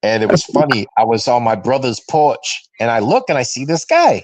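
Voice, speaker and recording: Brief: fifties man from Massachusetts, lively fan-show storyteller, mid-pitched, dry sound. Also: brisk, no room sound, rough recording. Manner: animated storyteller who acts out quoted voices. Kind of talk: casual storytelling chat. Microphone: video call.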